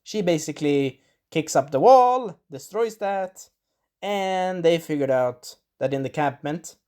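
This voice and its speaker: Casual reviewer, from Sweden, non-native speaker, scratchy throat, animated pitch. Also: unhurried. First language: Swedish. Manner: rambling, enthusiastic, acts out quotes in little voices. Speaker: video reviewer. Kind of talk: casual spoiler review monologue.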